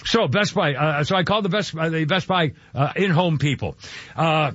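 A man's voice: a little high, moderate pace, pauses often, a bit bright, no room sound, highs cut off. An eighty-year-old man telling an exasperated, rambling story in a casual radio monologue, grumbling and tossing in sound-effect words. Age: 80s.

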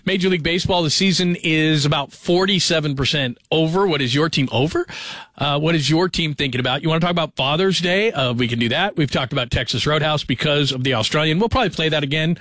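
Chatty radio host, higher male voice. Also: fast, fairly bright tone, no room sound. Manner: chatty, rambling storyteller with many fillers. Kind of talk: casual talk radio chat. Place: radio studio.

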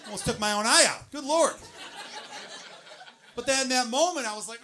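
A man in his thirties doing a stand-up comedy set on a club stage, with loud, animated punchlines and acted-out asides. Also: extremely high pitch, moderate pace, pauses often, slight background noise.

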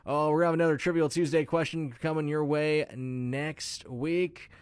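A man's voice: fairly high pitch, fairly even intonation, normal speed, no room sound. A man hosting a radio show, chatting in a jokey, playful way with mock-dramatic asides. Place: radio studio. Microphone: studio mic.

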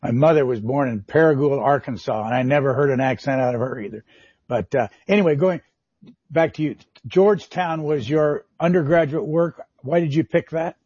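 A man hosting a television interview, asking measured, direct questions. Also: mid-range voice, darkish tone, husky, dry recording, muffled recording.

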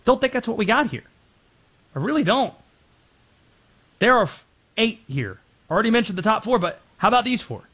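A man with a high, light voice hosts a sports talk show. He delivers brisk, opinionated commentary, rattling through players and teams in a quick list. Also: very animated, fairly bright tone, husky.

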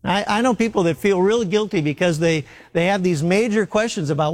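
A man's voice: high voice, fairly quick, hardly any pauses, long reverb tail. A man preaching a sermon in an earnest way, repeating his key phrases for emphasis.

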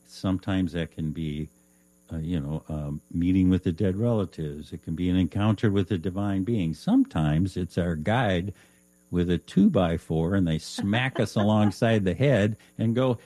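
A man who is a guest on a radio talk show, explaining things calmly in a casual chat. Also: deep voice, moderate pace, dry recording.

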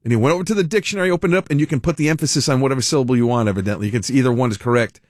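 A man's voice: mid-range voice, very fast, no room sound, clean studio sound. A man hosting a radio talk show, chatting casually and telling rambling, self-interrupting stories with amusement. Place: radio studio. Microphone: studio microphone.

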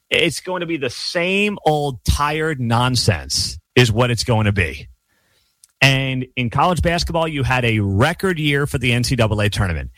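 A man hosting his own college football channel, giving blunt opinionated commentary with sarcastic asides and animated rants. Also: mid-range voice, no echo.

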